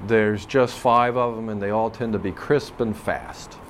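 A man's voice: on the low side, steady tone, unhurried, a little hiss or hum. A man teaching a linguistics class, explaining dialect differences in a loose, searching way with plenty of ums and restarts. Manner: rambling and thoughtful, with frequent ums and restarts. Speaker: language professor. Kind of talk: classroom lecture.

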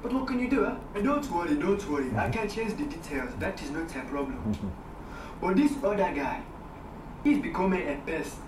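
A man's voice: a little high, sing-song, normal speed. A man performing a run of different British dialects as a series of blustering, foul-mouthed characters, played back from a recording. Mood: griping. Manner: switches between many distinct British dialects; swears freely, blustering. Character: assorted British men, brash and profane. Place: clip played aloud in a classroom. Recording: roomy, distant, noisy playback in a classroom.

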